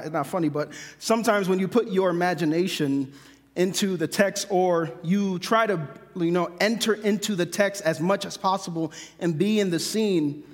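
An emphatic male preacher with a fairly high voice, driving his points home by repeating them. His sermon rings out with a long reverb, as in a large hall or church. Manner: emphatic, repeats phrases for stress.

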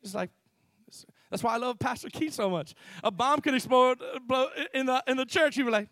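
A male pastor preaching in a church with a fairly high voice. He tells stories with animated energy, jumping from loud bursts to hushed asides. The sound is close and dry. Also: fairly quick, no echo. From Miami. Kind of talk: sermon.

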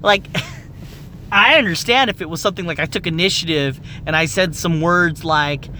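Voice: mid-range voice, moderate pace, pushed and bright, a little hiss or hum. A young adult medical office worker ranting in a heated, profane, exasperated monologue.

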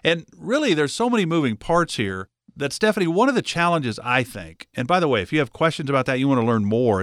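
A man's voice: on the high side, very animated, quick pace, a bit bright, no room sound, studio quality. A man co-hosting a radio finance talk show, chatting casually and playing the curious layman.

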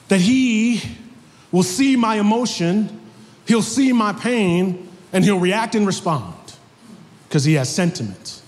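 A young man preaching a sermon with comic storytelling, lively and animated. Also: high voice. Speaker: pastor. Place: church sanctuary. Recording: echoey hall.

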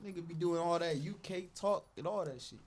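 Animated man in casual chat. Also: fairly high pitch, fairly quick. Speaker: podcast co-host.

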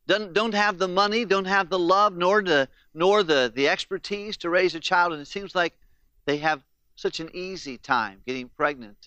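A man preaching a sermon with a bright, smooth, resonant voice, telling stories earnestly and speaking the questions of grieving people in their own words. The sound is dry, with a slightly dull, muffled tone. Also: on the high side, no echo. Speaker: pastor.

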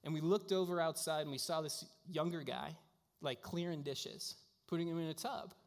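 A pastor with a somewhat high male voice delivers a sermon at a moderate pace, telling stories casually and using lots of fillers. The recording has a long hall reverb.

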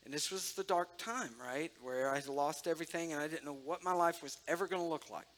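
A man delivers personal testimony in a sermon style, talking straight to his listeners. His voice is bright and sits a little high. He speaks with conversational warmth and emotion. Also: fairly quick. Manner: conversational, emotional, addresses the audience directly.

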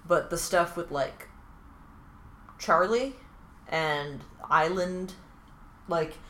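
A woman's voice: lowish voice, a bit bright, roomy sound, slight background noise. A woman co-hosting a podcast, casually recapping a TV episode with lots of "like" and "um". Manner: chatty, many fillers like "like", "um" and quick asides. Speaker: podcast co-host.

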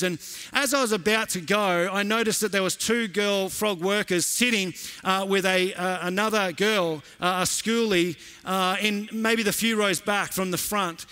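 A man's voice: sits high, sharp tone, smooth. A male pastor preaching a sermon to a church congregation, telling a story earnestly and building to impassioned emphasis.

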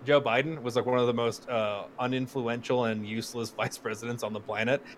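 A man's voice: medium pitch, fairly even intonation, fairly quick, slight background noise. Ranting, sarcastic male podcast host. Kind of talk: casual chat.

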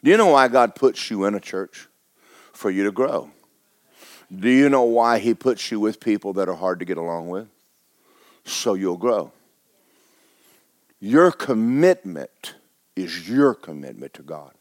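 A man's voice: on the low side, expressive, measured pace, long pauses, no room sound, clean studio sound. A man preaching a sermon as pastor, talking to his congregation with rhetorical questions. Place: church sanctuary.

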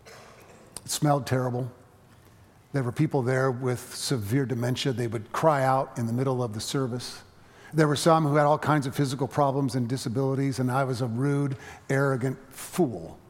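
A man's voice: medium pitch, steady tone, moderate pace. Middle-aged male preacher, dynamic sermon delivery, long church-hall reverb. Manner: dynamic preaching, swelling loud then dropping quiet. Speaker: pastor. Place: church sanctuary.

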